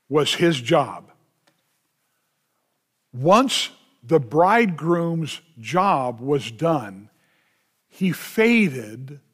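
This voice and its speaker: A man, a pastor, preaching a sermon with emphatic, drawn-out stresses and quick asides to the congregation. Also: on the high side, a bit bright.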